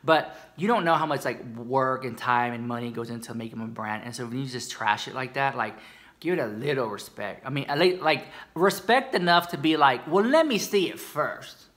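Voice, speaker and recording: A man's voice: mid-range voice, a little fast, fairly bright tone. A man gossiping sassily to camera about beauty news, chatty and dramatic, calling the viewer girl. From United States. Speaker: beauty commentary YouTuber. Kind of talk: casual gossip commentary to camera.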